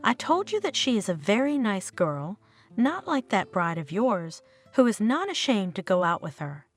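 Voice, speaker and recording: A woman's voice: mid-range voice, sing-song, moderate pace, faint music behind. A woman reading the part of a pushy, meddling older mother who nags her son. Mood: insistent. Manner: insistent, nagging.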